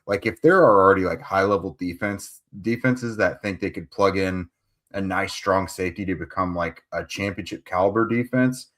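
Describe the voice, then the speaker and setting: A man co-hosting a sports podcast, giving relaxed analysis in casual chat. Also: deep voice, normal speed. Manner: relaxed, analytical, uses "like" often. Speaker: podcast co-host.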